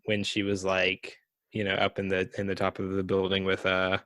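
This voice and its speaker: A man co-hosting a podcast in casual chat, relaxed and loose, with many fillers. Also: low voice, moderate pace, no echo, studio quality. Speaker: podcast co-host.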